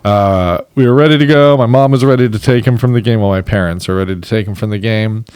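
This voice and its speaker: A man's voice: lowish voice, quick pace, a little mellow, clear, resonant tone, no echo. A man co-hosting a podcast in casual chat, joking around and laughing often. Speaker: podcast co-host.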